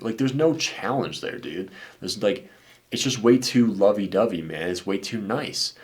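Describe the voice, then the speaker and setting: Low-voiced dude giving dating advice, super casual and blunt, swears a bit. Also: male voice, measured pace. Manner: blunt and laid-back, says "dude" and "man" a lot, swears. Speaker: dating coach. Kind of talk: casual commentary reacting to viewer messages.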